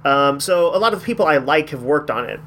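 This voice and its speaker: A man's voice: on the high side, animated, fast talker, a bit bright, a little hiss or hum. Rambling man chatting about comics. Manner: rambling, hesitant, enthusiastic. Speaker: comic shop podcast host. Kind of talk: casual chat reviewing comics.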